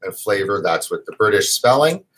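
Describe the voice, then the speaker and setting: Man, lowish voice, husky, casual live stream, emphatic, rambling. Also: sing-song, moderate pace, a bit bright. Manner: rambling, emphatic, with fillers and restarts. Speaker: host of a vaping news show.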